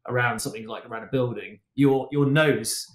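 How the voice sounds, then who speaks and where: A man's voice: mid-range voice, fairly quick, a crowd in the background. Easygoing guy rambling through stories, restarts a lot, echoey room sound. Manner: chatty storyteller with frequent restarts and fillers. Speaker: guest stunt and racing driver. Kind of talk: casual anecdotal podcast talk.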